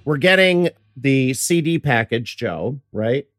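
A man's voice: medium pitch, animated, takes it slowly, loud music behind the voice. Chatty man hosting a podcast. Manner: chatty, laughs while talking. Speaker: podcast host. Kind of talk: casual chat.

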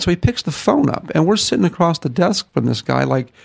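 A middle-aged man from the northern United States, a ministry founder, tells his story in an interview. He's folksy and animated, acting out quotes in a gravelly, mid-range voice at a fairly quick pace, with no echo.

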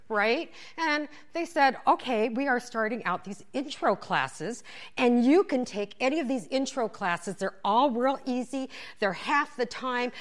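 A woman's voice: fairly high pitch, a little slow. A woman telling a funny personal story, acting out what everyone said, dropping to whispers and breaking into laughter. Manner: animated, acts out quotes, whispers asides, laughs while telling.

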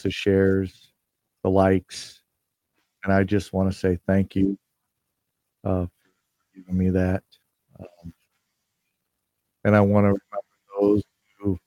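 A man hosting his podcast, speaking haltingly with many fillers and restarts, emotional as he sends a holiday message to listeners. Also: low voice, mellow, no echo, low-quality recording. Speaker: podcast host.

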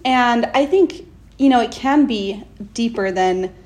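A woman's voice: a little high, a little slow. A young woman co-hosting a podcast in casual chat, talking earnestly and with enthusiasm. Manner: earnest, enthusiastic, animated in quoted speech. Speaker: podcast co-host.

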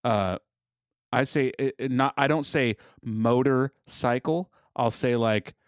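A man's voice: mid-range voice, slow, clear, resonant tone, no echo, clean studio sound. A man in his forties co-hosting a podcast, chatting casually and teasing his co-host, often laughing as he tells stories. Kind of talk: casual chat.

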